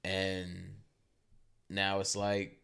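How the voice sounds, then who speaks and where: A man co-hosting a podcast in casual chat, talking low and often trailing into a mumble. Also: completely flat delivery, very slow, vocal fry, a bit bright, smooth. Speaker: podcast co-host.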